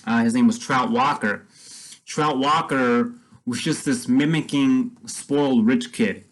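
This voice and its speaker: A man's voice: medium pitch, steady tone, measured pace, poor audio. Rambling man retelling a story. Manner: rambling, lots of fillers and repeats.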